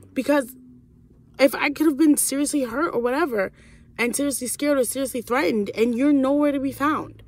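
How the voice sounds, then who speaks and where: A young woman venting in a casual storytime vlog, profane and animated, acting out the voices of the people in her story. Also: sits high, normal speed. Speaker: vlogger.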